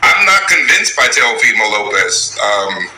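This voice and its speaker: Excitable, emphatic male panelist. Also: fairly low pitch, a little slow, a little hiss or hum, poor audio. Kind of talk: casual panel chat.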